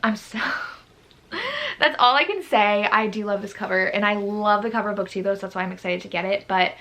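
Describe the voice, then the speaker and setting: Young woman, book vlogger, bright tone, animated, exasperated, gushy. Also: mid-range voice, quick pace. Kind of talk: casual book review vlog.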